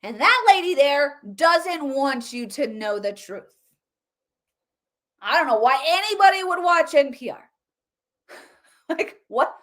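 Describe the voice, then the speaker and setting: A woman with a high voice that leaps all over the place, ranting and mocking as a commentary host. She talks in a sarcastic, animated way. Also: slow pace, pauses often. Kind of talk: political commentary.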